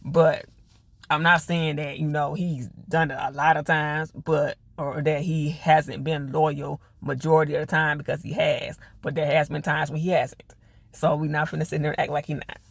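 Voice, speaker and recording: A man's voice: a little high, flat delivery, normal speed, gravelly, no room sound. A man recapping a TV episode in a chatty, slangy way, full of fillers. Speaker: TV reviewer.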